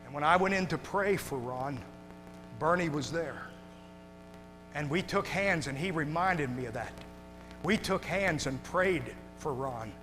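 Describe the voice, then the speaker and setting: Fiery preacher man, high voice, reverberant church. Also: lively intonation, a little slow. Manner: swings from hushed and tender to loud shouting. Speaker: pastor. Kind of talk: preaching a sermon to a congregation. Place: church sanctuary. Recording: long hall reverb with music behind.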